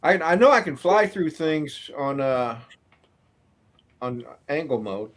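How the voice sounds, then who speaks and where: Higher-voiced man, halting jokey chat. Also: very animated. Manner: halting, repeats words, jokey. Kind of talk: casual group chat.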